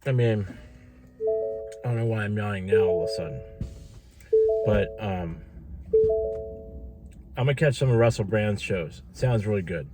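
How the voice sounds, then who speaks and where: Tired, rambling low-voiced man vlogging. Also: normal speed, long pauses, over music. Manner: rambling, many fillers and restarts. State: tired, yawning. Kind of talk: casual vlog talk.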